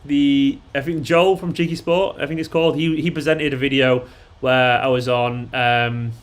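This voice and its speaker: A man's voice: medium pitch, level tone, normal speed. A man hosting a fan live stream, chatting casually and bluntly, swearing and rambling with lots of fillers. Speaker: fan channel host.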